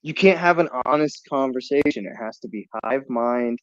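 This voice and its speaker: A man's voice: mid-range voice, normal speed, dry recording. A man hosting a casual call-in livestream, ranting in a heated, profane way. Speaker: livestream host. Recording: dull lo-fi stream audio.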